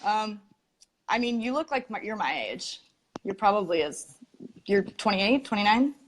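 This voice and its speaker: A woman's voice: mid-range voice, lively intonation, moderate pace, slight background noise. A woman in her twenties from Arizona, a podcast guest talking in a loose, chatty way, laughing often and wandering off topic, heard through earbuds on a call. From Arizona, USA. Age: 20s. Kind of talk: casual chat.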